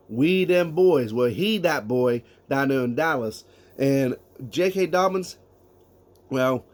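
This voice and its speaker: A man's voice: fairly high pitch, darkish tone. A man giving casual solo sports talk, emphatic, reading out statistics and asking rhetorical questions. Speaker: sports commentator.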